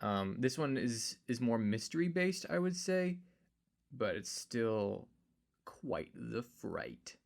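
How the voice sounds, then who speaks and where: A man's voice: mid-range voice, big pitch swings, slow pace, creaky. A man co-hosting a podcast in casual chat, rambling and searching for words as he talks through his thoughts. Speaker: podcast co-host.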